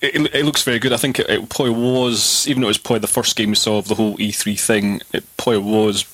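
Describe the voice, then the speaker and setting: A man's voice: lowish voice, fairly even intonation, fast, fairly bright tone, no room sound. A man co-hosting a casual gaming chat, rambling and filling his talk with "like". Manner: rambling, lots of "like".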